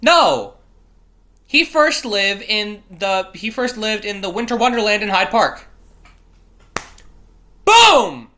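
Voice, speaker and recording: A man's voice: high-pitched, animated, measured pace, pushed and bright. A man hosting a casual solo show, reading out news quiz questions and reacting with frequent swearing and exasperation, stumbling over place names. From not British. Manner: profane, exasperated, self-interrupting. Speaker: show host.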